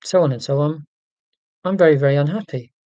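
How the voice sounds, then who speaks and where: Reading out comments from his viewers, this livestream host talks a little fast in a fairly high voice with a dark tone. He's earnest, rambling and self-deprecating, full of ums and false starts, on a muffled recording with no room sound.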